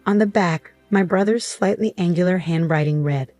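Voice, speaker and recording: A woman narrating a first-person story in an even, earnest scripted style. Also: on the low side, normal speed, dry recording. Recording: faint background music.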